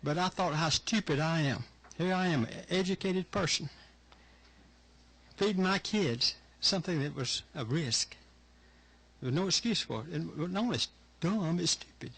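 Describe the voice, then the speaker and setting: In a hearing room, a Georgia man of advanced years gives public testimony as a witness before legislators. His husky voice sits a little high, sounds somewhat bright, and has lively intonation, and he recounts his story earnestly and emotionally, breaking off at times to compose himself.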